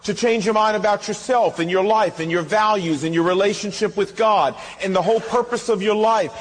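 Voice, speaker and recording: A high-voiced man delivers a sermon with lively storytelling, his tone slightly husky. His voice rings through a large reverberant hall. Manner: animated storytelling, acts out dialogue. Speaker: pastor.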